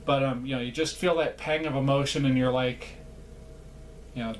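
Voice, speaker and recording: A man's voice: medium pitch, little pitch movement, normal speed, long pauses, a little hiss or hum. Rambling, chatty man vlogging to camera. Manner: rambling, chatty, self-deprecating, many fillers. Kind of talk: casual to-camera vlog.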